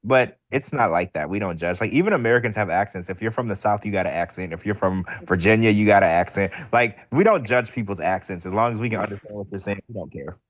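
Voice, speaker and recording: A man's voice: lowish voice, quick pace, few pauses, no room sound, studio quality. A man co-hosting a podcast, chatting casually and explaining points at length with plenty of filler. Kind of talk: casual chat.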